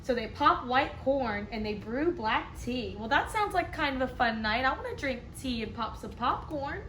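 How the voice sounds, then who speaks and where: A woman kindergarten teacher reading a picture book aloud, expressive, with playful asides to the children. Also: sits high, moderate pace, a little hiss or hum. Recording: echoey room.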